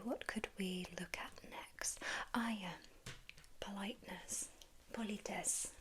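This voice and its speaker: A woman with an English accent and a mid-range voice whispers in a role-play as a gentle language tutor. She teaches by prompting the listener to repeat after her.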